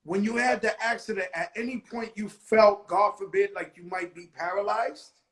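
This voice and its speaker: A man hosting a casual livestream chat, telling a story in an animated way and swearing freely, heard over a video call. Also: high voice, moderate pace, rough recording.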